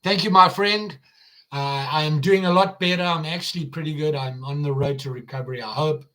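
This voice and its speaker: A man's voice: fairly high pitch, steady tone, brisk, a bit bright. An older man with an American Midwestern accent, chatting casually on a live stream as the channel host, rambling with fillers and restarts.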